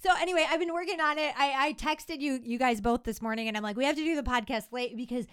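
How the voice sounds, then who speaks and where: A woman's voice: high voice, fast talker, clean tone. A woman in her thirties co-hosting a podcast in casual chat, telling stories animatedly and acting out quotes. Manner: animated storyteller, acts out quotes with big inflection. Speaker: podcast co-host.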